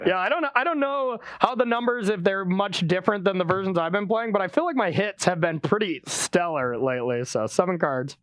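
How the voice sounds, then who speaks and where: A man's voice: sits high, fairly bright tone, dry recording. A man playing a card game match on a show, chatting casually and agreeing often with his opponent. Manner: upbeat, quick agreeing interjections. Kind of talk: casual banter while playing.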